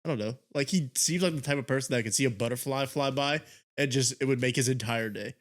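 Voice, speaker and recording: A man's voice: medium pitch, fast. A male podcast co-host with a mid-range voice tells stories in casual chat. He laughs often as he goes along. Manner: chatty, laughs often while telling stories.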